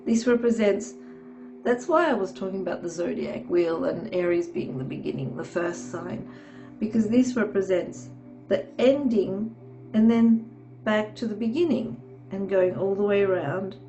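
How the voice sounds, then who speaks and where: A woman's voice: mid-range voice, normal speed, mellow, soft background music, poor audio. A woman with a nasal, stuffed-up voice from a cold gives a rambling tarot reading, often checking in with "okay". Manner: meandering, reassuring, frequent "okay". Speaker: tarot reader. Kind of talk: casual tarot reading to camera.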